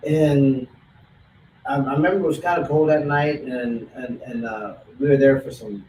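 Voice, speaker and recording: A man's voice: medium pitch, steady tone, normal speed, a little mellow. A male host chatting in an interview, telling stories and acting out the lines of people in them. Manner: storytelling, acts out quoted lines. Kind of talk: casual interview chat. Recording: roomy echo, distant mic, faint noise.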